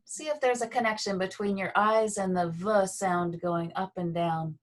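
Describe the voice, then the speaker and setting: Woman, movement teacher, gentle guiding voice, unhurried pauses, video call. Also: medium pitch. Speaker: Feldenkrais movement instructor. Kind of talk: guided movement and voice lesson.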